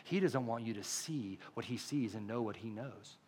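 A man voicing a sly male serpent who coaxes in a low, quiet, insinuating tone. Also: normal speed, a little hiss or hum, close to an everyday voice. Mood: coaxing. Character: sly deceiving male serpent, hushed and coaxing.

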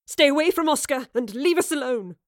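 A woman's voice: sits high, lively intonation, brisk, dry recording, studio quality, voice pushed up. A woman voicing a distraught, angry young man whose voice chokes and breaks in a storybook drama. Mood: furious.

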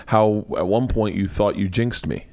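A man's voice: lowish voice, moderate pace, dark tone, no echo. A man hosting his podcast, rambling in casual chat and often restarting his sentences. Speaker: podcast host.

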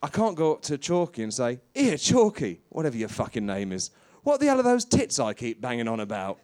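Bloke doing a crude old standup, rambling deadpan, voice all over the place. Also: male voice, medium pitch, a little fast. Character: crude, bewildered veteran stand-up comedian, male, older. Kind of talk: comedy monologue.

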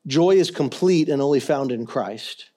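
A middle-aged man preaching a sermon as pastor, swinging between quiet earnest stretches and loud, impassioned ones. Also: medium pitch, animated, unhurried.

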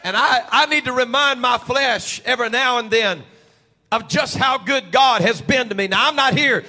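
A man preaching a fervent sermon, building up to shouts. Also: very high-pitched, normal speed, in a large hall.

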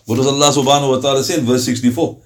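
A man teaching a Quran class, asking his students rhetorical questions and slowing down to read verses aloud. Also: mid-range voice, level tone. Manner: asks rhetorical questions and reads verses slowly. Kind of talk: religious class lecture.

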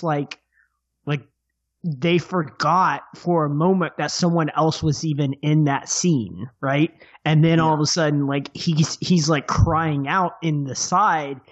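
A man's voice: a little high, lo-fi sound. A man on a podcast panel talking about a film in a rambling, casual way, full of "like" and restarts. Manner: rambling, filler-heavy, amused.

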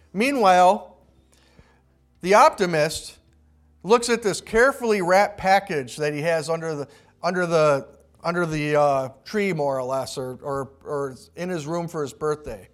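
High-voiced man preaching a sermon. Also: unhurried, soft background music. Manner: storytelling with acted-out quotes and restarts. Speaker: pastor.

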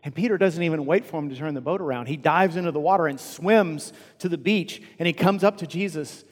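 A man preaching a sermon as a pastor, impassioned, swinging from loud to hushed. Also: a little high, fairly quick. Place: church auditorium. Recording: long reverb of a large hall.

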